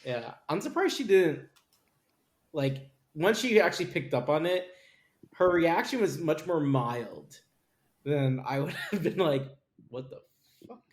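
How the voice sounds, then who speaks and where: A man's voice: fairly high pitch, animated, a little slow. Male co-host, agreeable and easygoing, roomy echo on the mic. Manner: agreeable, lots of short backchannels. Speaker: podcast co-host. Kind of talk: casual panel chat.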